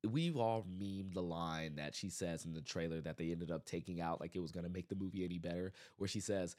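A man hosting his own podcast, giving a casual, animated movie review full of exasperated rants and restarts. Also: deep voice, a little fast, few pauses. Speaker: podcast host.

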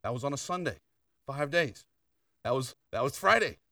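A man's voice: medium pitch, expressive, normal speed, sharp tone, no echo, clean studio sound, recorded from a distance. Older male pastor, chatty sermon. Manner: conversational storytelling with asides.

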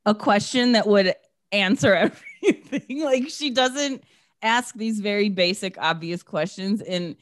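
A woman's voice: medium pitch, unhurried. A woman co-hosting a casual podcast, recapping a movie with sarcasm and swearing, acting out the characters' lines. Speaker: podcast co-host.

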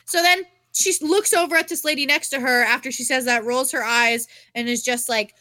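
A young woman with a high, bright voice tells a story in casual podcast chat. She is animated and swears freely. The sound is close and dry, with no room around it. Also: a little fast, no echo. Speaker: podcast co-host.

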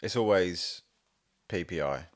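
Deep-voiced producer guy chilling on a podcast, laid-back, laughs a lot. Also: expressive, a little slow. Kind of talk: casual podcast chat.

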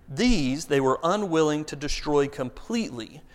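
A man with a fairly high voice delivers a sermon, retelling scripture and a personal anecdote. He talks in an animated way, often doubling words as he builds to a point. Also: measured pace. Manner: animated storyteller, rises loud and high for emphasis, repeats words. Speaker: pastor.

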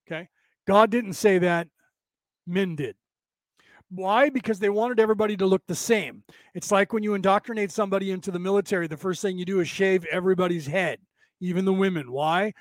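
A man's voice: sits high, brisk, dry recording. A male podcast host giving a blunt, opinionated spiritual monologue full of rhetorical questions.

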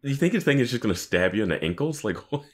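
A man's voice: mid-range voice, sing-song, fast talker. A man co-hosting a podcast, casually recapping a TV episode with sarcastic asides and frequent laughter. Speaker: podcast co-host.

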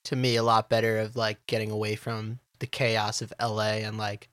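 A man's voice: fairly low pitch, monotone, moderate pace, a bit bright, no echo, clean studio sound. A man hosting a casual podcast who asks laid-back questions padded with filler words. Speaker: podcast host.

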